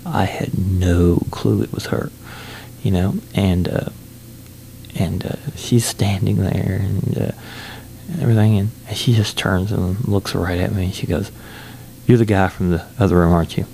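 Gravelly, low-voiced man telling a rambling story. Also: fairly even intonation, normal speed, mellow, a little hiss or hum. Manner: rambling, amused, lots of fillers and restarts. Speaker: solo traveler telling a story. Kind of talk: casual storytelling vlog.

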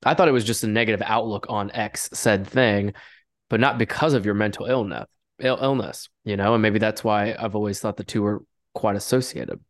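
A man with a lowish voice chats as a podcast co-host. He sounds relaxed and agreeable, stumbling and restarting as he thinks aloud. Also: brisk, no room sound, studio quality. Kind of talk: casual conversational podcast.

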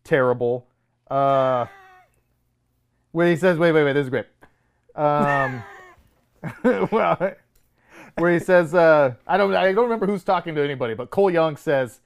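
Speaking unhurriedly with long pauses, a man with a somewhat high voice co-hosts a movie podcast. He pokes fun at film dialogue, laughs frequently, and delivers quoted lines flat and dramatic.

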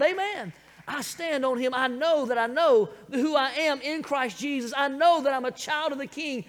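High-voiced Southern pastor preaching. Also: male voice, normal speed. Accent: Southern American. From American South. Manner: calls out "Amen?" to the congregation, chuckles between points. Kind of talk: sermon. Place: church hall. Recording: long hall reverb.

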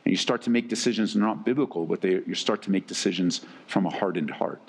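A man's voice: low voice, quick pace, creaky, in a large hall. A man preaching a sermon to wives, earnest and emphatic, often repeating key words for weight. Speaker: pastor.

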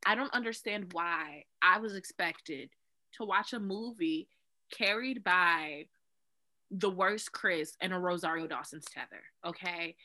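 A woman's voice: fairly low pitch, unhurried, bright, forceful tone, poor audio. A woman co-hosting a podcast, chatting casually in a playful, slangy way. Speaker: podcast co-host. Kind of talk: casual chat.

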